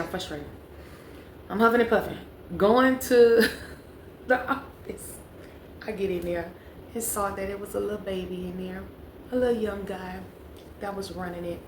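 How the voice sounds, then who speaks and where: Woman, storytime vlog, chatty, roomy echo, faint hiss behind. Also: medium pitch. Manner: chatty, talks straight to viewers, repeats phrases for emphasis. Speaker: vlogger. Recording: echoey room with faint background noise.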